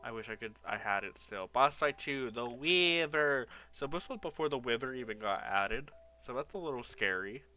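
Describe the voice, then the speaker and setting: Young guy chatting thru his old game world, bright voice, laughs a lot, faint music behind. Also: mid-range voice, animated, normal speed, hardly any pauses. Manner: nostalgic, laughs often, reads old signs aloud. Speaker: gaming YouTuber. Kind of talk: casual gameplay commentary.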